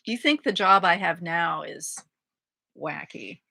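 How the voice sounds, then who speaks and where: Bright, deadpan woman co-host. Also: fairly low pitch, measured pace, creaky, no room sound, clean studio sound. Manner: deadpan quips. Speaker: podcast co-host. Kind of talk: news reading and comedic banter.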